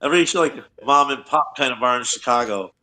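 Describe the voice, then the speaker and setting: A male comedian chatting on a comedy podcast, telling stories in a rambling, halting way with lots of restarts and laughing. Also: mid-range voice, bright, forceful tone. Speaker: comedian guest. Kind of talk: casual comedy podcast chat.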